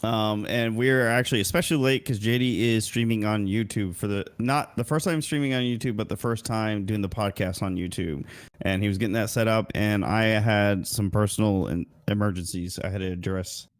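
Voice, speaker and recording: A man's voice: lowish voice, steady tone, normal speed, no room sound, clean studio sound. A man co-hosting a casual podcast, rambling through news with frequent fillers and self-corrections. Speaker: podcast co-host.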